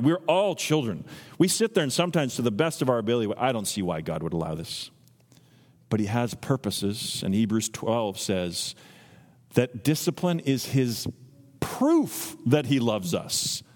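A man in his thirties preaching a sermon as a pastor, teaching earnestly and acting out quotes in lively voices. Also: mid-range voice. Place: church sanctuary. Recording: long reverb from a church hall.

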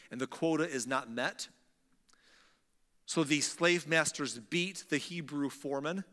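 A man preaching a sermon, retelling scripture in a lively, conversational storytelling way. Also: a little high, long reverb tail.

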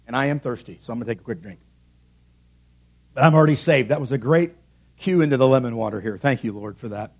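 Pastor guy preaching at the pulpit, kinda husky voice, lots of questions and repeating himself for emphasis. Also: mid-range voice, expressive, fast talker. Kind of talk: sermon. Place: church sanctuary at a pulpit.

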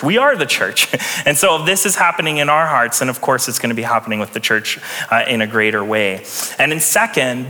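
Young man preaching, bright and ringing, relaxed and chatty, church reverb behind him. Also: mid-range voice. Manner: conversational, chuckles often, light sarcasm. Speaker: pastor. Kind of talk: sermon. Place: church sanctuary.

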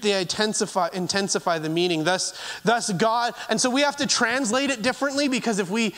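A man preaching a sermon in an earnest, halting way, often restarting his phrases and moving between raised and hushed delivery. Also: high voice. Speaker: pastor.

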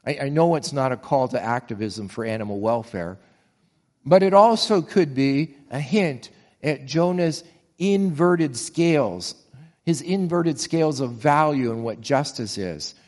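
A man's voice: mid-range voice, lively intonation, a little slow, darkish tone, big-room sound. A man preaching a sermon with earnest rhetorical questions and frequent small restarts. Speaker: pastor.

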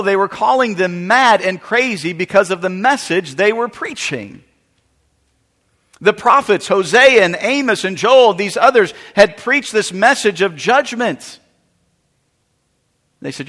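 Man preacher, high and bright, emphatic sermon delivery that swells and falls, long hall reverb. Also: animated, a little slow. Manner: emphatic preaching with wide swings in loudness.

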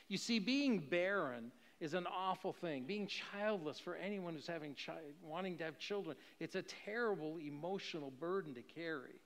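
A man preaching a sermon in a fairly high voice and an easy, conversational manner, asking his listeners rhetorical questions. His voice carries through a large hall with long reverb. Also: lively intonation, moderate pace, hardly any pauses, a bit bright. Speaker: pastor.

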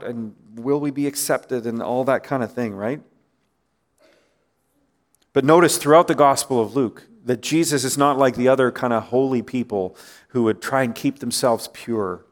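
A male pastor preaching in a relaxed, conversational way, with a voice of ordinary middle pitch. He keeps checking in with his listeners through rhetorical questions. His voice sinks softer and lower as phrases end. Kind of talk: sermon.

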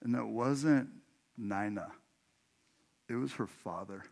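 A male pastor from Washington state preaching in his church, with a voice of ordinary middle pitch. He talks to the congregation casually and directly, mixing laughter and personal stories into the sermon. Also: slow pace, creaky, darkish tone. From Washington state, USA. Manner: conversational, laughs often, addresses congregation directly. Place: church sanctuary.

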